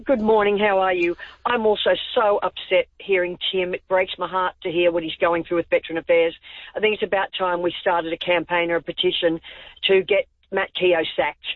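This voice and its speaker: Woman caller, upset, earnest, low voice for a woman, tinny dry phone line. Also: steady tone, moderate pace, no echo. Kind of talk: talkback call.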